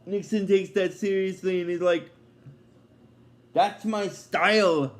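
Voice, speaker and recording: A man retells a cartoon episode at a slow, meandering pace, full of fillers. His voice sits high for a man and stays casual throughout. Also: darkish tone. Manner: rambling, many fillers, chuckling asides. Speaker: episode reviewer.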